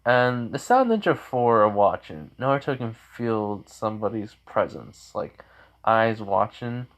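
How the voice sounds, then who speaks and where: A man's voice: lowish voice, expressive, a little slow. A man casually improvising a story aloud, rambling with frequent fillers and self-corrections.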